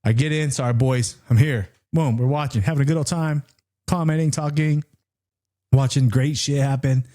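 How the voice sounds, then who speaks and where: A middle-aged podcast co-host tells a story as an animated rant at normal speed, swearing freely. When he retells what others said, his voice jumps up high.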